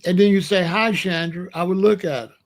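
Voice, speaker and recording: Sitting high and brisk, the voice belongs to a show host in his late sixties. He spins family stories in a casual, streetwise monologue, bragging and using plenty of slang.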